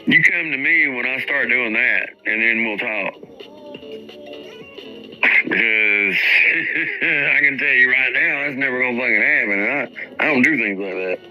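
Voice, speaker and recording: A man's voice: medium pitch, a little slow, long pauses, dull audio, soft background music. A man hosting a livestream, ranting heatedly and profanely while he talks straight to his chat. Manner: profane, indignant, addresses chat directly. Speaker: livestream host.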